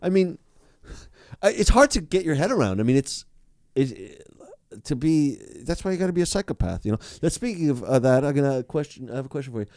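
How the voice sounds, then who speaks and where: A man's voice: fairly high pitch, a little fast, dry recording, studio quality. A young adult man co-hosting a podcast, chatting casually and animatedly with frequent restarts. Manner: animated, lots of restarts and laughter. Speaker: podcast co-host. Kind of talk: casual chat.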